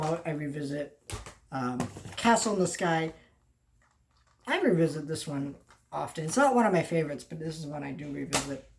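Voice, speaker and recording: A young adult film vlogger in casual talk to camera, rambling and halting, often trailing off and restarting, and earnest and heartfelt. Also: medium pitch, a little mellow. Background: faint background noise.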